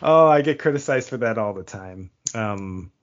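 A man in his thirties hosts a podcast, his fairly low, expressive voice moving at a normal pace. He chats casually through rambling stories, laughing often between phrases. The recording sounds dull and lo-fi.

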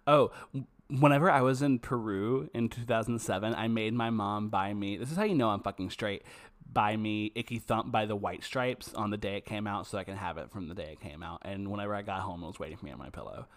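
A man co-hosting a podcast in casual chat, playful and quick to laugh and chime in. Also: fairly low pitch. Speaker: podcast co-host.

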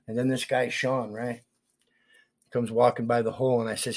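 A man's voice: mid-range voice, little pitch movement, moderate pace. Man, sincere, folksy storyteller, grateful, casual conversation. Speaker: guest in recovery.

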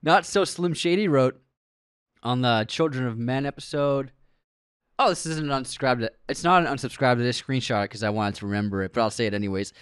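A man's voice: mid-range voice, fairly quick, smooth, dry recording. Laughing male podcast co-host, dry mic. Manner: laughs while reading listener comments aloud. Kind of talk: casual podcast chat.

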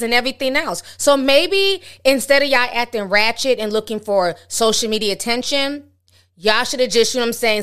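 A woman's voice: on the high side, a bit bright, clear, resonant tone. A woman giving casual commentary on her channel, blunt, slangy and emphatic. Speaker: YouTube commentator.

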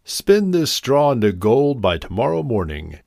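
A man's voice: mid-range voice, big pitch swings, unhurried, vocal fry, a little mellow, dry recording, clean studio sound. A man voicing a demanding king in a storybook reading, with a commanding manner.

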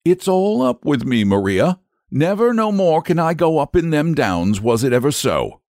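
A man's voice: fairly high pitch, very animated, normal speed, darkish tone, dry recording, studio quality, pitched above the performer's own voice. A man doing a frightened rustic shepherd. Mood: agitated. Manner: agitated, rustic dialect. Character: frightened old-time country shepherd.

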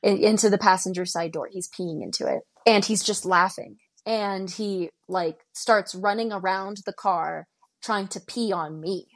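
A woman's voice: mid-range voice, a little slow. A woman in her twenties from Denver, a podcast guest recounting a personal story in present tense and acting out what people said. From Denver, Colorado. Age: 20s. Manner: tells events in present tense, acting out dialogue.

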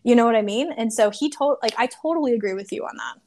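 A woman's voice: fairly high pitch, quick pace, darkish tone, a little hiss or hum. A woman in casual conversation who talks in a chatty way and often fills her speech with "like" and "you know".

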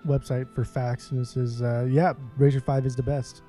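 Mellow, laid-back young man. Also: mid-range voice, little pitch movement, normal speed, faint music behind. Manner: laid-back, crude jokes, rambling. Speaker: podcast co-host reviewing beer. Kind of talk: casual chat.

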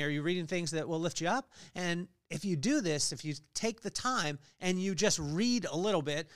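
A middle-aged man hosting a podcast, giving a lively motivational faith talk with family stories and scripture readings. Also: high-pitched, moderate pace, few pauses, no room sound, clean studio sound. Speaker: podcast host.

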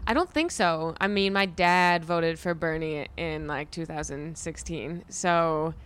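A young woman in casual conversation with a smooth, resonant voice sitting a bit low. She rambles through her stories, swears freely and laughs along as she goes. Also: measured pace, a bit bright. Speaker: comedian and podcast host. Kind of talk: casual chat.

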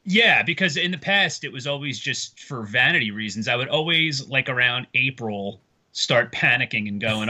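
A man's voice: mid-range voice, animated, normal speed, sharp tone. A man, a comedian, chatting casually and telling rambling stories with some swearing. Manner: loose storytelling with swearing. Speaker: comedian guest. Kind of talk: casual podcast chat.

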